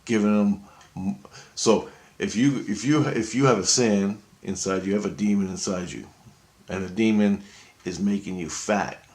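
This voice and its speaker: A man in a rambling, profane monologue, telling his story excitedly. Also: fairly low pitch, moderate pace.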